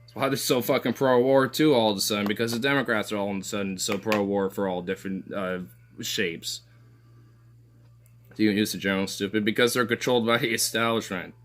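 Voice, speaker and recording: A man's voice: fairly low pitch, steady tone, fairly quick, fairly bright tone. A man ranting casually about politics as a streamer, profane and rambling, with lots of filler words and sarcastic asides. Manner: sarcastic, scoffing laughs.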